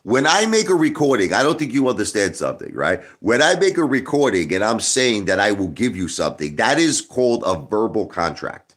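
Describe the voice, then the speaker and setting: A man hosts a livestream rant, talking straight to viewers and arguing with them combatively while hammering the same points over and over. His voice is lowish and a bit bright, with big pitch swings, and he speaks a little fast with hardly any pauses.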